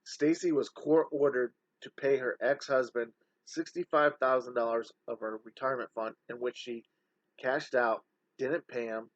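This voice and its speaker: A man's voice: medium pitch, no room sound. Scornful man, dull dry recording. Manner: scornful, heated, insulting. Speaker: online scam-exposing commentator. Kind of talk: indignant commentary voice-over.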